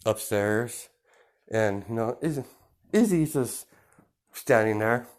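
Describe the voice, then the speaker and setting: A man's voice: lowish voice, animated, takes it slowly. A man casually improvising a fan story, rambling with many fillers and restarts.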